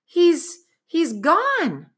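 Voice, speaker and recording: A woman voicing a frantic young boy in a storybook reading, with high, urgent cries. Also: very slow, pushed and bright, full character voice. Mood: desperate.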